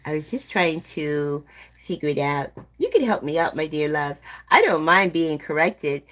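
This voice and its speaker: A woman in her seventies hosting a live stream, chatting slowly and gently with viewers and calling them "my dear love.". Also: sits low, animated. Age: 70s. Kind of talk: casual chat with live viewers.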